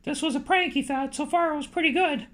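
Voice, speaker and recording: A woman narrating an audiobook in a lively, expressive way. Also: sits high, brisk.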